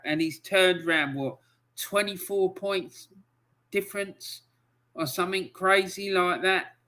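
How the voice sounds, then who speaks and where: A middle-aged man hosting a live football fan stream, chatty and excitable, reading out viewer comments and swearing freely. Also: a little high. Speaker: football fan show host.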